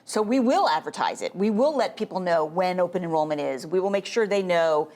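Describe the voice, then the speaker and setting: A middle-aged woman, a health policy expert, explaining things in a measured way as a guest on a TV interview show. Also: fairly low pitch, expressive, a little mellow.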